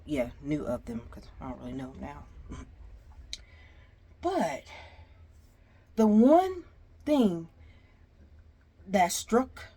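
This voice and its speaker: A woman's voice: medium pitch, warm tone, husky. A woman telling a storytime to her viewers in a casual, exasperated way, sighing often. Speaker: storyteller vlogger.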